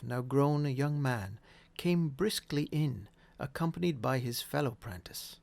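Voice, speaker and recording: A man reading a classic story aloud in a measured, expressive way. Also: mid-range voice, creaky. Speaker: audiobook reader. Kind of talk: storybook narration.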